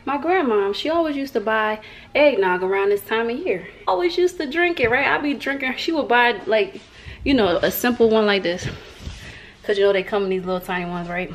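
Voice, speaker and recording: A woman's voice: a little high, a little fast, slight background noise. A young woman from the American South, chatting playfully to the camera as a vlogger at home and talking to her viewers like friends. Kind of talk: casual chat to camera.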